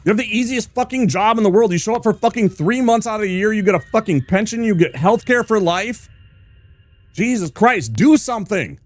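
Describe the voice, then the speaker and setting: A man's voice: high voice, a little fast, no room sound. A male streamer ranting hard with heavy swearing while he plays a game. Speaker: gaming streamer.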